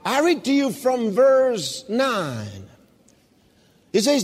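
A man preaching a sermon, moving from calm Bible teaching to loud shouts of praise. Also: extremely high pitch, extremely slow, pauses often, slightly rough, big-room sound. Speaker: pastor.

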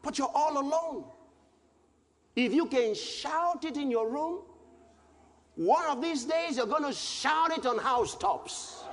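A very high-pitched man preaches with a lively, swooping voice, slowing down to press each point. He repeats his phrases and bursts into shouted scripture. His voice rings through a large hall with faint noise behind it. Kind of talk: sermon.

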